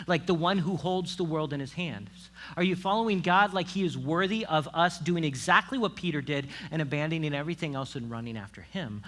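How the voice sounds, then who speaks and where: A male pastor preaching a sermon in a casual, animated way, full of asides and quick restarts. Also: mid-range voice.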